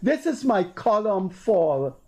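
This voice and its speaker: A man's voice: high voice, very animated, slow, darkish tone, rough recording. Guyanese man hosting a political talk show. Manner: storytelling, acting out quoted people in a raised voice. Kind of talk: casual political commentary.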